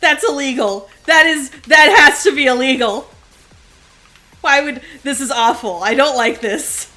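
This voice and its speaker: A woman streaming a game, chatting casually and breaking into loud exasperated outbursts at it. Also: high voice, a little slow, soft background music. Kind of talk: casual gameplay chat.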